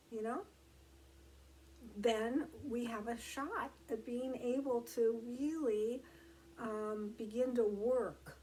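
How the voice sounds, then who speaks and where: A woman giving a reflective motivational talk, gentle and meandering, with many fillers and restarts. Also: fairly high pitch, a little hiss or hum, low-quality recording.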